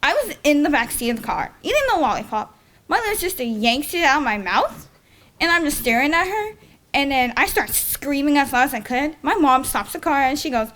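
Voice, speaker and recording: A woman's voice: high-pitched, sing-song, brisk, a bit bright. A young woman telling a personal story on stage at a live storytelling event, rambling and correcting herself and chuckling at her own tale. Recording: faint noise, live event.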